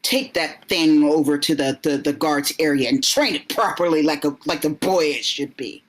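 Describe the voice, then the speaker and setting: A woman's voice: sits low, normal speed, rough recording. Woman putting on a stern commanding king. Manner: curt orders, yells for guards. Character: harsh commanding male king.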